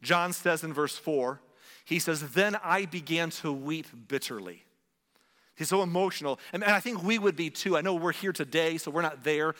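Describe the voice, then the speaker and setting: A man preaching a conversational sermon, asking rhetorical questions and slowing down for dramatic emphasis. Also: a little high, sharp tone, in a large hall. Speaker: pastor.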